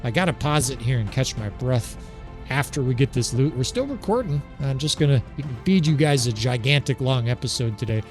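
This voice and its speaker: Excitable dude talking over his strategy game, swears a lot, laughs, keeps saying right?, loud game music behind him. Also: medium pitch, a little fast. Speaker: gameplay commentator. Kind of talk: casual gameplay commentary. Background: game soundtrack music.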